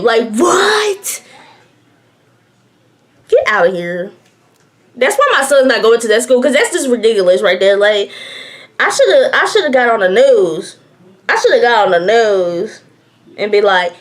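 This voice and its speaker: A young woman telling a casual storytime. She is blunt, animated and laughs often. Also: fairly high pitch, moderate pace. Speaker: vlogger.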